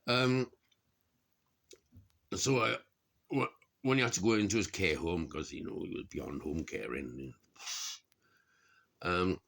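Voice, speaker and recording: A man's voice: deep voice, takes it slowly, vocal fry, pauses often, fairly bright tone. A middle-aged man from Wales, rambling and grumbling to camera, swearing a lot and laughing at his own remarks. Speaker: vlogger. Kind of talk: rambling casual monologue.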